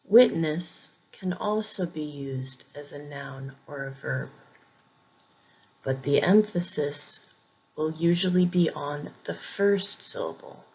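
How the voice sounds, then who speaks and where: A woman teaching English pronunciation in a scripted lesson, saying each example word twice in a deliberate way. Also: low-pitched, a little mellow, husky, lo-fi sound.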